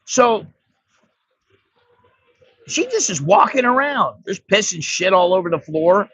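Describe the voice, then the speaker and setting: A man's voice: high voice, sing-song, takes it slowly, a bit bright, breathy edge, dry recording. Blunt, profane American man. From United States. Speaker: expat vlogger. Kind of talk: casual storytelling. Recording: dry, slightly dull recording.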